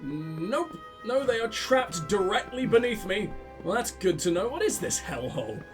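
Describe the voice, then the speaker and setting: A man's voice: sits high, sing-song, normal speed, music in the background. A man giving casual, profane, sarcastic commentary while playing a video game. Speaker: let's play host.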